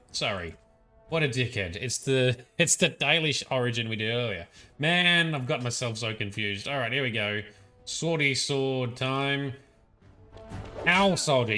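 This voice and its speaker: A man's voice: mid-range voice, sharp tone. A young man with an Australian accent, casually commenting while playing a game, playful and chatty. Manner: chatty, playful, laughing often. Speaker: let's play host.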